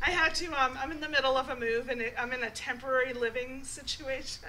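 A woman's voice: sits high, fairly even intonation, fast talker, pushed and bright. A woman guest on a radio talk show, bawdy and giggly, often laughing as she talks. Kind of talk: casual chat. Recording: noisy radio studio recording.

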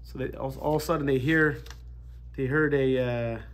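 A rabbi teaching a casual Torah class, telling stories in an animated way with frequent restarts. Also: male voice, medium pitch, normal speed.

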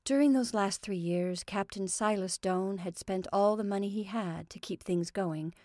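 A woman's voice: medium pitch, normal speed, a little mellow, no echo. Woman reading a story aloud, dry and close.

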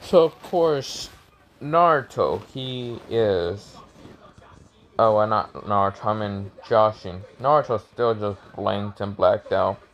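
Slow, low-voiced young man telling a rambling story. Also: lo-fi sound. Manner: rambling, profane, many fillers. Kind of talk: improvised fan story narration.

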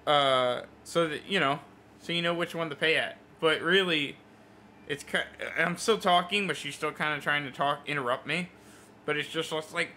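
A man's voice: a little high, normal speed, bright, forceful tone, a little hiss or hum. A young man livestreaming, telling an exasperated, profane story about a rude customer in a casual rant full of fillers.

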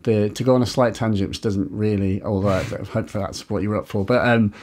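A man's voice: on the low side, a little fast, darkish tone. A man from northern England chatting on a podcast as a guest, rambling and breaking off his sentences, with lots of "like". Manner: rambling, self-interrupting, lots of "like". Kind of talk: casual podcast conversation.

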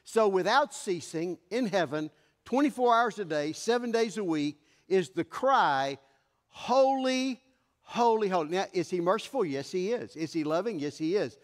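A man pastor preaching an emphatic sermon in a church sanctuary, his voice swelling to loud declarations. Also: sits high, animated, moderate pace, long reverb tail.

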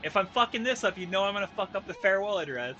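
A man's voice: high-pitched, expressive, very fast, bright, forceful tone, muffled recording, soft background music. A man streaming a video game, venting his frustration and cursing casually as he plays. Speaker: gaming streamer. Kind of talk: casual gameplay commentary.

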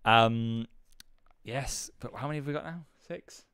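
A man's voice: medium pitch, measured pace, a bit bright, clean tone, dry recording, studio quality. A man co-hosting a live game stream, chatting casually, laughing often and teasing his co-host.

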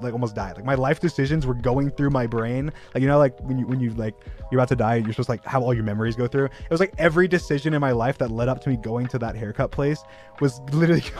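A man's voice: medium pitch, a little mellow. A young man telling a long story on his livestream in a rambling, filler-heavy way that pokes fun at himself. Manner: rambling, filler-heavy, self-mocking, breaks into laughter. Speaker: streamer.

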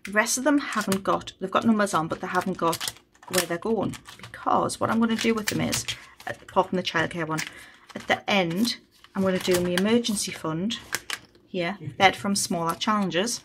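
A woman's voice: medium pitch, moderate pace, noisy background. A woman chatting casually on a budgeting vlog, thinking aloud as she counts money. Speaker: budgeting vlogger. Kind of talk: casual chat while cash stuffing.

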